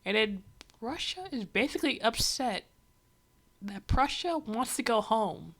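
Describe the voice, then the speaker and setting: A woman's voice: fairly high pitch, expressive, measured pace. A young woman streaming, giving sarcastic, exasperated reaction commentary.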